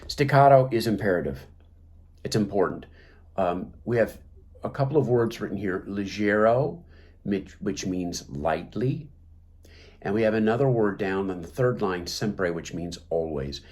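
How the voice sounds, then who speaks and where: A man's voice: fairly low pitch, expressive, measured pace, a little mellow. A man teaching clarinet technique, talking through the music with many fillers and restarts. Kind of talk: instructional talk.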